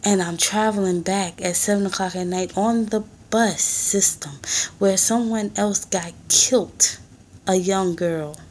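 A woman in her twenties rambling in a casual vlog at home in a small apartment, soft-spoken and often hushed, filmed on a handheld phone. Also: mid-range voice, unhurried, slight background noise. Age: 20s. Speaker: vlogger and mother.

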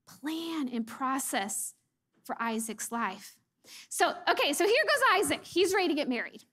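A woman preaching a sermon. She is a mother who acts out the lines she quotes and sometimes drops to a soft near-whisper. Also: high voice, very animated, measured pace.

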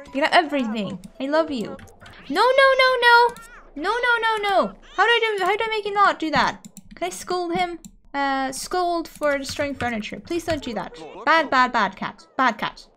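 A young adult woman giving let's play commentary, excitable and quick to gasp and squeal at what happens in the game. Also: high-pitched, a little hiss or hum. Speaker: gaming YouTuber.

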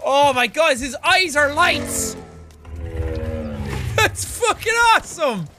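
A man in his twenties giving excitable let's play commentary, talking to an in-game creature like a pet and swearing now and then. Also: very high voice, slow pace, music in the background. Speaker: gaming video host.

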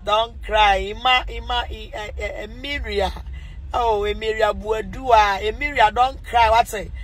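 A woman with a Ghanaian accent hosting a casual livestream, animated and teasing, pleading with viewers and swinging between laughter and mock crying. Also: on the high side, measured pace. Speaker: livestream host asking viewers for money.

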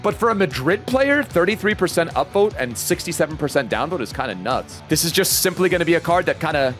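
Young male gamer-commentator, animated and chatty, rising to frustrated outbursts, light game music underneath. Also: fairly high pitch, fast. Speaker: gaming YouTuber. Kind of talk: excited gameplay commentary.

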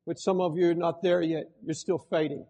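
An older man preaching a sermon as pastor, with fervent swings between shouting and hushed tones. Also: fairly high pitch, flat delivery, fairly quick, big-room sound, highs cut off.

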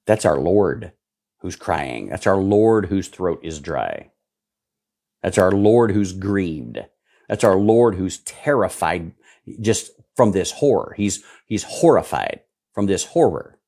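A male pastor preaching fervently and answering viewer questions, swinging between low mutters and loud outbursts. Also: sing-song, takes it slowly, gravelly.

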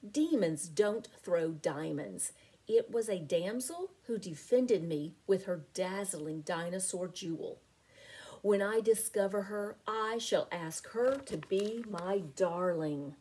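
A woman voicing a pompous male dinosaur duke in a read-aloud storybook, speaking slowly and stately. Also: medium pitch, expressive, mellow, husky. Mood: lordly. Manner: slow, stately.

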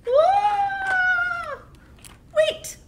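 A woman voicing a tiny, timid billy goat who pleads in a shaky, very high voice for a storybook reading. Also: very animated, slow, a little hiss or hum, exaggerated voice. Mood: pleading.

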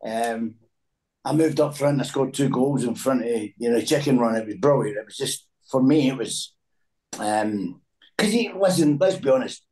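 A man's voice: mid-range voice, lively intonation, moderate pace, a little mellow, rough recording. A Scottish man in his sixties, a former footballer telling anecdotes in a casual chat, laughing often and repeating words. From Scotland.

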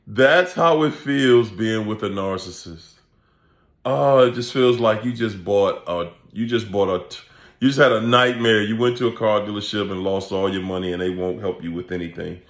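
A man, hosting a casual comedic vlog rant, laughing often and animated as he acts out quoted voices. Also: on the low side, normal speed. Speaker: channel host and coach. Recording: echoey room.

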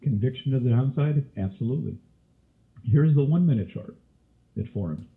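Male trading instructor, mid pitch, a cough and a scratchy throat, quizzing style, tinny webinar audio. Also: lively intonation, moderate pace. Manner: quizzes listeners with frequent questions. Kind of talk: live webinar teaching.

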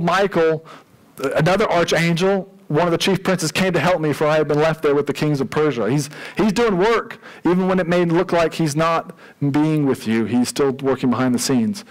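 A man preaching a sermon as pastor, in a conversational, animated way with jokey asides. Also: a little high, moderate pace, poor audio.

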